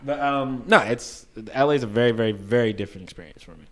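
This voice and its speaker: A man from Brooklyn with a New York accent, a podcast guest chatting casually and telling animated stories with frequent laughter. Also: mid-range voice, fast. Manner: laughs often, animated storytelling. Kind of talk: casual chat.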